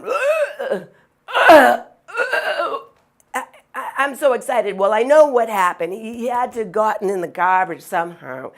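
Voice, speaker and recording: An older woman telling stories from her own childhood. She tells them with lively energy and acts out the noises and lines of the people and animals in them. Her voice sits at a typical pitch for a woman. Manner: animated, acts out sounds and quotes. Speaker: storyteller. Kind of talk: personal storytelling.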